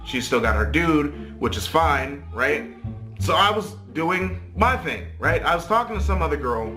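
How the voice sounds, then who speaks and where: A high-voiced man telling a casual story to the camera. His talk rambles and swears, full of filler and checking tags, with faint music under it. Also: big pitch swings, a little slow, sharp tone. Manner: profane, rambling, many "like" and "right?" tags. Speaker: vlogger.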